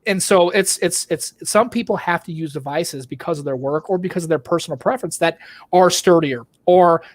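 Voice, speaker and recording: A man's voice: a little high, a little fast. A man co-hosting a podcast in casual chat, joking and swearing freely. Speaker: podcast co-host.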